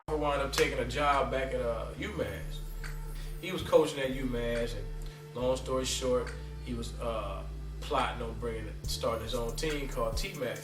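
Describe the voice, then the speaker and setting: Male coach, storytelling interview, animated, acts out dialogue; roomy, slightly distant, music bed. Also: mid-range voice, moderate pace. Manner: animated storytelling, acting out quoted voices. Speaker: youth basketball coach. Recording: echoey room, slightly distant mic, music behind.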